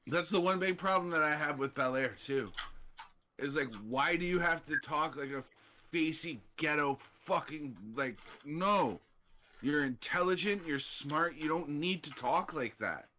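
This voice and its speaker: Casual profane guy reacting to wrestling live, slightly high bright voice, faint hiss. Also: unhurried. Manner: rambling, profane and blunt.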